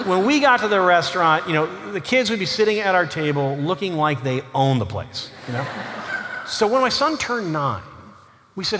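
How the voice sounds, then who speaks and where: A male author spins comic anecdotes with animated, chuckling delivery. His voice is high and bright with a wide swing in pitch. A long hall reverb and faint background noise surround him. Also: normal speed. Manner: animated, chuckling asides, frequent "you know". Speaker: author giving a lecture. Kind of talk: humorous storytelling lecture. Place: large lecture hall.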